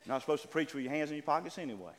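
Animated preacher man in a reverberant hall. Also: fairly high pitch, rapid-fire. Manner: animated preaching, acts out voices. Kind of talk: sermon. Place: church sanctuary. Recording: long reverb of a large hall.

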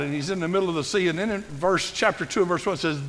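A fairly high-voiced man preaching with emphatic, surging delivery. His voice carries through a church sanctuary with a long, ringing reverb. He swells to loud, passionate readings of scripture. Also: quick pace, few pauses. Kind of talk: sermon.

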